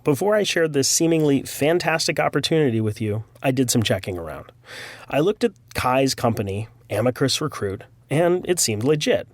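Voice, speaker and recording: A man's voice: mid-range voice, very animated, normal speed, no room sound. A man hosting a podcast, talking in a friendly, conversational way with light jokes. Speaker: podcast host. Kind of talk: casual podcast monologue.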